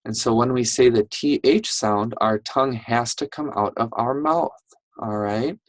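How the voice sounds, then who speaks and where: A patient teacher guiding young children through a reading lesson at an unhurried pace, often checking in and praising them. The voice sits in a middle pitch and sounds dry and close, with no room echo. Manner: patient, encouraging, checks in with "right?" and "okay?". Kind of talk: online reading lesson for first graders.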